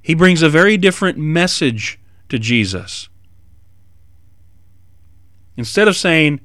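A man preaching an expository sermon in an animated way, rising to emphatic bursts. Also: a little high, moderate pace, long pauses, dry recording, clean studio sound.

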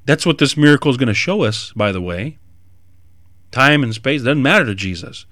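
A man preaching an expository sermon in an animated way, rising to emphatic bursts. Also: mid-range voice, normal speed, no echo, studio quality.

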